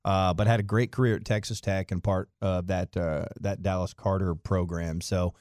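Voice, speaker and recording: A man hosting a sports talk radio show, moving briskly from topic to topic and introducing a guest. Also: sits low, flat delivery, a little mellow, no room sound, studio quality. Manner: brisk, smooth segment transitions. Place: radio studio.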